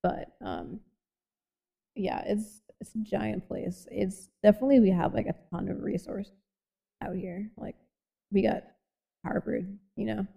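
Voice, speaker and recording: A woman interviewing a guest in a casual, chatty way, full of fillers and quick laughs. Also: medium pitch, fairly even intonation, creaky, mellow, husky. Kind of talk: casual conversation. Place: lives on the US East Coast.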